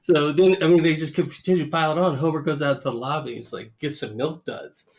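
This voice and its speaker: Guy cohosting a podcast, slightly high voice, lively retelling, laughs a lot. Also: fast. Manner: animated, acts out quoted lines with laughs. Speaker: podcast co-host. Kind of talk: casual chat recapping an episode.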